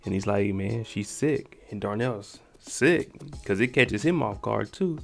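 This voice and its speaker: A man hosting his channel, giving an animated, slangy, casual recap of a TV episode and laughing often. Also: fairly low pitch, a little slow, creaky.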